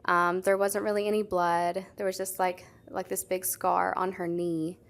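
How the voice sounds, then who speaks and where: A woman's voice: on the low side, flat delivery, normal speed. Chatty young woman telling a story. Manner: chatty, lots of "like" fillers. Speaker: podcast co-host. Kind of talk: casual storytelling chat.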